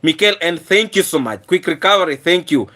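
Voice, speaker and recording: Hoarse guy on a live stream, kinda high and bright voice, keeps clearing his throat. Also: lively intonation, a little fast. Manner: repetitive, earnest thank-yous. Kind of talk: casual live stream chat, thanking viewers.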